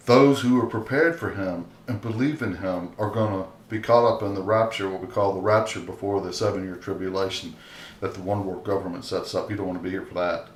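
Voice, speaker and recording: A man preaching informally and earnestly, often checking in with his listeners by asking "okay?". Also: lowish voice. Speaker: lay preacher. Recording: echoey room with faint hiss.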